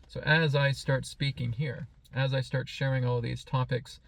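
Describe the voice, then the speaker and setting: A man speaks as a spiritual teacher in a slow, calm, meditative way. His voice is gravelly and keeps an even, level pitch. He talks in a reflective, teaching manner. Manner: playfully mimics excited voices.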